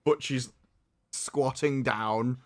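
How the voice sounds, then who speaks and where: A man's voice: medium pitch, steady tone, very slow. A man chatting on a live stream with dry, joking banter. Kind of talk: casual live-stream chat.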